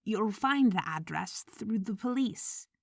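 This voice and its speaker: A woman reader voicing a grieving, mild-mannered man, speaking quietly and gently in an audiobook story. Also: medium pitch, expressive, takes it slowly, vocal fry, no room sound, full character voice. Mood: subdued.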